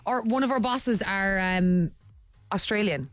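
A woman's voice: mid-range voice, a little slow, no room sound. A woman co-hosting a radio show in casual chat, giggly and encouraging. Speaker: radio co-host.

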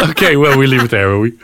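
A man hosting a breakfast radio show, chatting in an animated way and joking in put-on voices. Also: medium pitch, slight background noise. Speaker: radio host. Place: radio studio.

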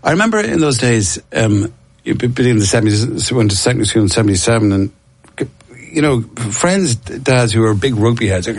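A man's voice: medium pitch, very animated, brisk. A middle-aged Dublin man telling stories as an interview guest, rambling and self-deprecating, often restarting his sentences. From Ireland. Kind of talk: casual storytelling interview.

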